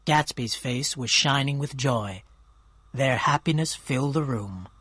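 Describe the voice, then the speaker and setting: Man reading a story for learners, clear and measured, mid voice, dry close mic. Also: mid-range voice, a bit bright, no room sound. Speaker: narrator. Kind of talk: scripted storybook narration for learners.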